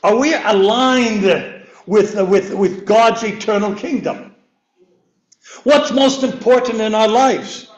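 An elderly preacher with a high-pitched voice rambles slowly through an informal sermon, tripping on and repeating his words and laughing softly at his own slips. The recording, made in a church chapel, is heavily echoey.

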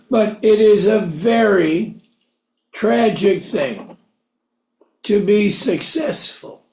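A man's voice: high-pitched, lively intonation, drawn-out words, pauses often, roomy sound, highs cut off, slight background noise. A man preaching a Bible-teaching sermon, reading verses in old scriptural wording, explaining them conversationally and asking his listeners rhetorical questions.

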